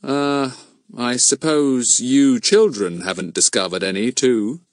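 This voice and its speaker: A man doing a calm dry-witted police inspector. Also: medium pitch, no echo, voice pushed up. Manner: measured, politely ironic.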